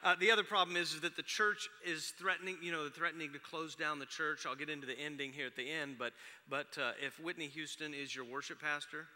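A man's voice: on the high side, fairly even intonation, fast, hardly any pauses, bright, forceful tone. A man in his forties preaching a sermon, telling chatty, self-deprecating stories about his family. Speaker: pastor. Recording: long reverb of a large hall.

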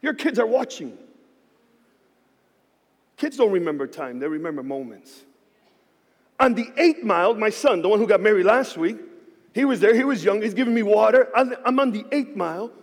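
A man preaching and telling a story to his church. He acts out the voices in his dialogue, moving between hushed lines and shouts. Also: high-pitched, animated, moderate pace, pauses often. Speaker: pastor. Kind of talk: sermon storytelling. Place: church sanctuary. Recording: hall reverb.

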